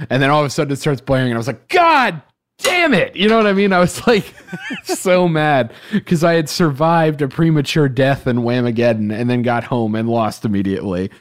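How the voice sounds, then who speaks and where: A man co-hosting a music podcast, chatting casually and telling stories with lively acted-out quotes. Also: mid-range voice, no echo, studio quality. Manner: animated storyteller, acts out voices of others. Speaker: podcast co-host. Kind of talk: casual chat.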